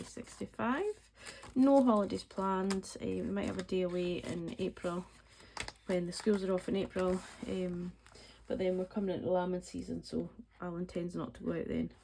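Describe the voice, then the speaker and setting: A budgeting vlogger in her forties from the Scottish Highlands talks casually over her cash stuffing, counting money out loud and rambling with lots of ums. Her fairly low voice is creaky and a little mellow, with a level tone and moderate pace. The recording is low quality, with slight background noise.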